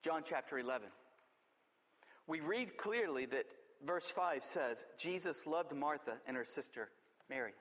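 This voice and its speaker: A man preaching a sermon as pastor, swinging between urgent emphasis and hushed, drawn-out words. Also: fairly high pitch, expressive, in a large hall.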